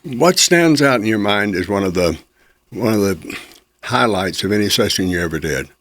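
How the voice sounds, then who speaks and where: An older man hosting a chatty interview, reminiscing and quick to agree. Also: fairly low pitch, expressive, a bit bright, dry recording, studio quality. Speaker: podcast host, interviewer. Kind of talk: casual interview conversation.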